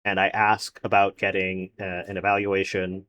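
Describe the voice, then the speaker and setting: Streamer guy rambling on, kinda low voice, swears a lot, lots of ums. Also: monotone, normal speed, dull audio. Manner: rambling, swears freely, frequent fillers. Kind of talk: casual chat to a live stream chat.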